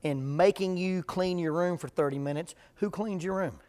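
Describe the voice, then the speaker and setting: A middle-aged man with a drawl and a voice pitched a bit high speaks as a preacher to a live audience. He tells homespun stories and slips in dry, deadpan jokes. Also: normal speed. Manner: humorous storytelling, deadpan jokes. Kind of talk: folksy talk to a live audience.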